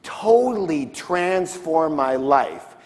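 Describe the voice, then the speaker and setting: A man's voice: a little high, very animated, takes it slowly, a little mellow. A man giving a motivational seminar talk on stage, drawing call-and-response answers from his audience. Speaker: seminar speaker. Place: large conference hall, on stage. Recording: long reverb of a large hall.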